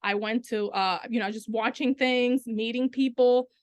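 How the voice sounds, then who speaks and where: A middle-aged woman from the Dominican Republic, a Spanish teacher speaking on a panel and telling her story with lively quoted dialogue. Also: fairly high pitch, moderate pace, dry recording. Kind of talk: panel discussion.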